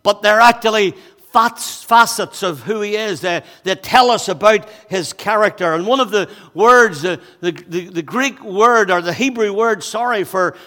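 Male pastor, bright, high voice, breathless and lively in the pulpit, reverberant church hall. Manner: energetic, conversational preaching with jokes and asides. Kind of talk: sermon.

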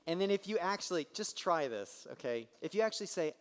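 A pastor in his thirties, high-pitched and talking fast with hardly any pauses, preaches a sermon built on family stories. He tells them with animation and acts out the voices of the people in them, and the recording has a long reverb tail.

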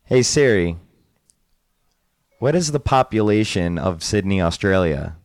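A man's voice: low-pitched, lively intonation, measured pace, dry recording, studio quality. A man co-hosting a casual chat, joking and sarcastic, laughing often. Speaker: podcast co-host.

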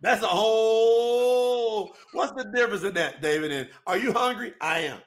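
A man's voice: sits high, moderate pace. A man teaching about scripture translation as host, speaking emphatically and firing off rhetorical questions. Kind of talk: religious teaching talk.

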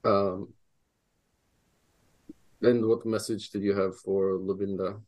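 A man serving as dungeon master for a tabletop game. He talks slowly in a fairly low voice, measured and thinking aloud as he works things out. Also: flat delivery, darkish tone.

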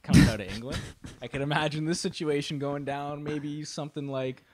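A man's voice: a little high, normal speed. A man co-hosting a podcast in casual comedic chat, riffing wryly and laughing. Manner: lively, wry, laughs while riffing. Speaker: podcast co-host.

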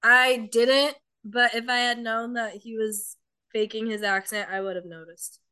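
A woman's voice: a little high, fairly even intonation, a little slow, pushed and bright, clean tone. A woman guest on a podcast, agreeing and adding short comments about a movie. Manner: agreeable, brief interjections. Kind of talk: casual movie review chat.

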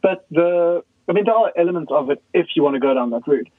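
A man as a guest expert, explaining in a casual, animated way and acting out quoted dialogue. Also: on the high side, quick pace, dry recording. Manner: animated storyteller who acts out quoted dialogue. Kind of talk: conversational podcast explanation. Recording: tinny phone line, dry.

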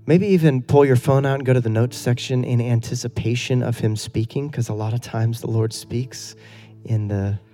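A man's voice: medium pitch, steady tone, moderate pace, mellow, soft background music. A middle-aged male pastor delivering an earnest, conversational sermon full of rhetorical questions.

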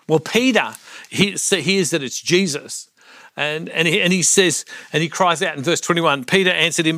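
A man's voice: on the high side, moderate pace, pushed and bright, no echo, clean studio sound. A man preaching a reflection on a Gospel passage, earnest, asking his listeners questions as he goes. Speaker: Catholic speaker.

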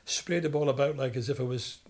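An older Scottish man, once a footballer, tells anecdotes in an interview, animatedly acting out the voices of the people he quotes. He speaks briskly at a medium pitch.

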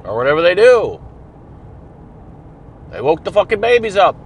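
A man's voice: high-pitched, sing-song, normal speed, a little hiss or hum. A man telling a story in a blunt, profane, conversational way. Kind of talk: casual storytelling monologue.

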